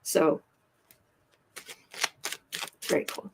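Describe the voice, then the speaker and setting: A woman's voice: very slow, a little mellow. A woman from the United States hosting a casual tarot livestream, chatting and restarting her sentences as she reads cards and chat. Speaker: tarot reader livestream host.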